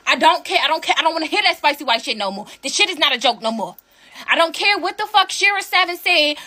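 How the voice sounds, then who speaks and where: A woman rants to her audience, heated and full of profanity, circling back to the same points again and again. Her voice sits high and sounds bright and sharp. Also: very animated, fast. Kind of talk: heated rant to camera.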